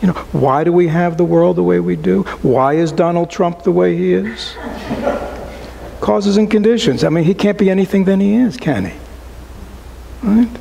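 A man giving a relaxed, conversational dharma talk to a small group as a Buddhist teacher, often asking rhetorical questions and adding "right?". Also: sits high, normal speed, gravelly, a little hiss or hum, poor audio.

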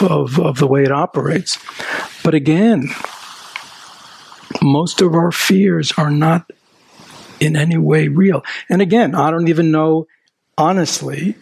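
Gravelly man probing with patient questions. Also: a little high, measured pace, a little hiss or hum. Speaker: workshop speaker coaching a participant. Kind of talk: live seminar talk with audience exchange.

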